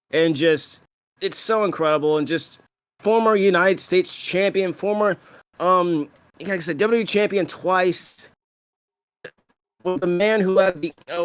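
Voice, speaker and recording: A young man co-hosting a casual podcast, rambling excitedly as a fan with lots of fillers. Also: high voice, no room sound. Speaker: podcast co-host.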